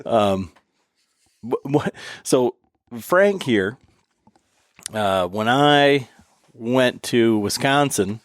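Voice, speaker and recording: A man from Michigan hosting a casual hunting podcast, telling stories with lively energy and acting out what others said. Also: medium pitch, extremely slow, long pauses, dry recording, clean studio sound. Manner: animated storyteller, acts out other people's lines. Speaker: podcast host.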